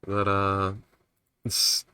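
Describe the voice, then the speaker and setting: Man, game master, deep voice, very bright tone, casual and relaxed, swears freely, faint music behind. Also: extremely slow, clear, resonant tone, dry recording. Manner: laid-back, swears freely. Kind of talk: casual chat before a tabletop game.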